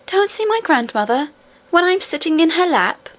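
An eager little princess bubbles up in a bright, very high voice, put on by a woman reading aloud. She sounds earnest and pleading, the way a storybook child begs to be believed. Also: animated, moderate pace.

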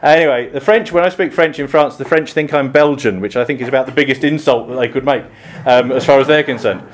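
A middle-aged priest from southern England giving a chatty, self-deprecating sermon in a church, with many ums and restarts. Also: male voice, mid-range voice, quick pace, slight background noise. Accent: southern English.

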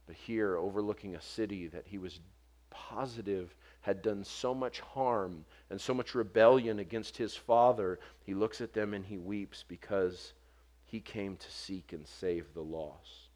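A man preaching a sermon, earnest, building to forceful emphasis and dropping soft on quoted words. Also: lowish voice, unhurried. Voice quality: short stature mentioned, not vocal.

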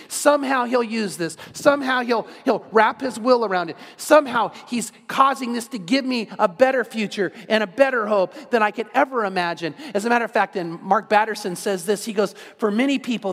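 Middle-aged male pastor, high voice, earnest preaching with restarts, long hall echo. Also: fairly quick, few pauses, a bit bright. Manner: earnest, repeats words, stumbles and restarts. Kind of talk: sermon.

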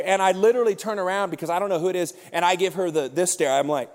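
Animated man preaching in a reverberant hall. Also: sits high, fast, hardly any pauses. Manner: animated, comic storytelling with shouted bursts. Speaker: pastor. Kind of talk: storytelling sermon.

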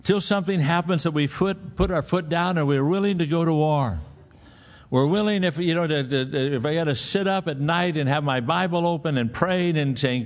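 A man's voice: fairly high pitch, lively intonation, normal speed. A male pastor preaching a sermon, telling a folksy personal story and then pressing his point with emphatic exhortation.

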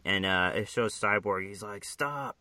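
A man chatting casually about a comic book, swearing freely and rambling through his jokes. His voice is low-pitched yet bright and sharp, recorded dry and close. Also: animated, normal speed, no echo. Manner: profane, rambling, jokey. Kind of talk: casual chat.

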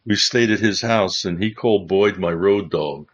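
Man, chaplain host, rambling anecdotes, low husky voice, dull lo-fi audio. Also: moderate pace. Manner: rambling, restarts, chuckling as he recalls. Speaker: chaplain and host of a Bible livestream. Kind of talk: casual anecdotal storytelling.

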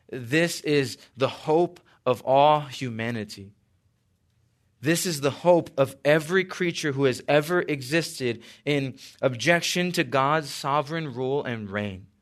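A man preaching a sermon as pastor, slow and emphatic with dramatic pauses and light asides. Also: medium pitch, a bit bright.

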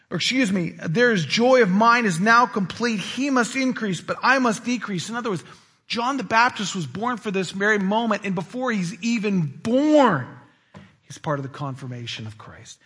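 Husky, bright-voiced male preacher. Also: high voice. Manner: animated, swinging between loud emphasis and hushed asides. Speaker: pastor. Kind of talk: sermon.

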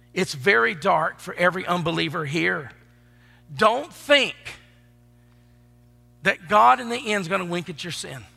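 A man preaching a sermon as pastor, swinging between loud emphatic declarations and hushed asides. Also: high-pitched, gravelly, breathy edge, big-room sound. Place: church sanctuary.

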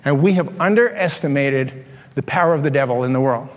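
A man in his sixties, a pastor, preaching a sermon full of personal stories, animated and quick to laugh at his own tales. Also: medium pitch. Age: 60s. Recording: long reverb of a large hall.

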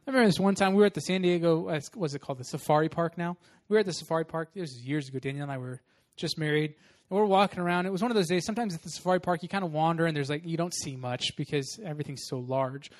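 A man, a young adult pastor, preaching a sermon in a casual, animated storytelling way. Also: on the high side.

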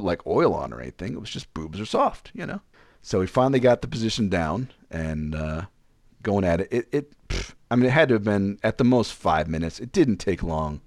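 Man, frank storyteller, rambling, acts out quotes, very expressive pitch. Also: dry recording, clean studio sound. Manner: frank, rambling, animated retelling with quoted dialogue. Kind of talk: candid personal storytelling.

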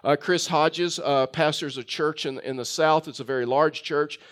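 Pastor guy telling a story in his sermon, bit higher voice, lots of uhs. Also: steady tone, normal speed, a bit bright. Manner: storytelling with many fillers and restarts.

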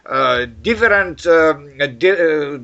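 Halting man asking questions. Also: fairly high pitch, lively intonation, bright, forceful tone, dull audio. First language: Russian. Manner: halting, with many fillers and restarts. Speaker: interviewer. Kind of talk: casual conversation in a second language.

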